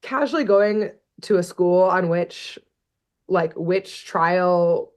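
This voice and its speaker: Woman host, easygoing recap voice, quick to laugh and swear. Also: fairly low pitch. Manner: laid-back storyteller, laughs often, swears casually. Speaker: podcast host recapping a cartoon episode. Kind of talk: casual chat.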